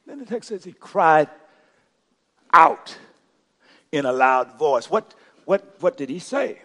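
A male pastor preaching a sermon with rising passion, often shouting and calling out to the congregation in a church. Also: fairly high pitch, very animated, takes it slowly, long reverb tail. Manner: impassioned preaching that builds to shouting, calls to the congregation. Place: church sanctuary.

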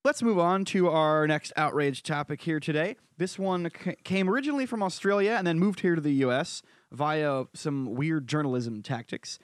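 A man's voice: fairly high pitch, normal speed, few pauses, no room sound, clean studio sound. A man co-hosting a podcast, casual and joking, often stammering as he starts a thought. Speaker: podcast co-host.

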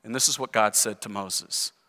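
Male pastor, earnest conversational sermon, bright tone, reverberant church sanctuary. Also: lowish voice, fairly even intonation, moderate pace. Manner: earnest, conversational, rhetorical questions. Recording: long reverb in large hall.

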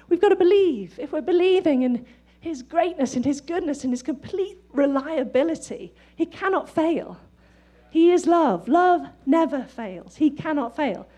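A woman delivers a sermon in a high, lively voice. She is excitable and laughs often. She sounds middle-aged. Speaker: preacher.

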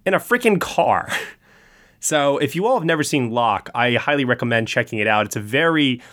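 A man's voice: mid-range voice, lively intonation, fairly quick, fairly bright tone. A young man hosting a podcast, chatting casually and enthusiastically about films and laughing often. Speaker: podcast host. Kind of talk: casual chat.

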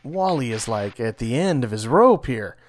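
A man's voice: medium pitch, sing-song, moderate pace, slight background noise. A man co-hosting a casual podcast chat, reacting with enthusiasm and shock to comic book events.

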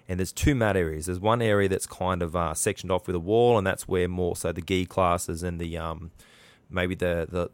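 A man's voice: low-pitched, no echo. An Australian man hosting a podcast, telling a story in a chatty, rambling way with lots of fillers and restarts. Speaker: podcast host. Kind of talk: casual storytelling.

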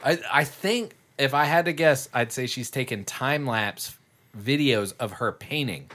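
A man's voice: medium pitch, moderate pace, fairly bright tone. Rambling, storytelling man in casual chat. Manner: rambling storyteller, swears, acts out quotes.

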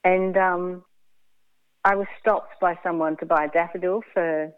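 A woman telling a hard personal story in an interview, frank and blunt, halting with fillers and restarts. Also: on the low side, steady tone, clean tone, dry recording. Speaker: interview guest. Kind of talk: candid emotional storytelling. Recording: phone-like dry line.

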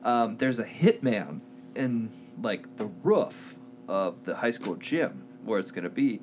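A man's voice: fairly low pitch, a little hiss or hum. A man co-hosting a podcast, casually retelling a movie plot with lots of acted-out quotes and laughter. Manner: animated storyteller, acts out quotes in quick put-on voices, laughs often. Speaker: podcast co-host.

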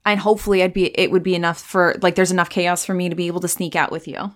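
A woman's voice: on the low side, flat delivery, fast. Woman, tabletop game player, casual chat, thinks aloud, wry.

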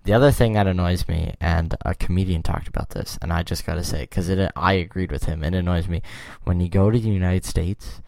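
A Canadian man co-hosting a casual chat, joking and animated. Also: low voice, fairly quick, gravelly, few pauses, no room sound. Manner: joking, animated, puts on silly accents. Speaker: co-host.

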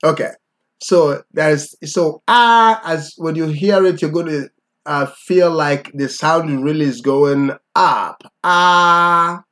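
A man teaching tones in a relaxed, conversational lesson, patiently checking in with okay? after each point. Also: fairly high pitch, slow pace. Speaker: language teacher.

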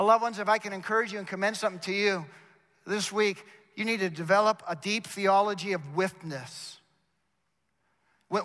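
A man's voice: high-pitched, fairly bright tone. Male chapel preacher, ringing voice, emphatic and direct with the congregation, echoing hall. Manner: emphatic, repeats words, addresses the congregation directly. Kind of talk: sermon. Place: university chapel. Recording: long reverb of a large chapel.

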